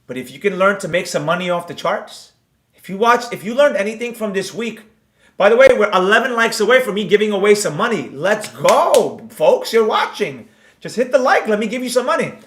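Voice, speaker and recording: A fairly high-voiced man rants at his viewers about trading, preachy and impassioned as he pushes them to act. His voice bounces around an echoey room. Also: big pitch swings, moderate pace. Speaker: trading educator. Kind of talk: livestream rant to viewers.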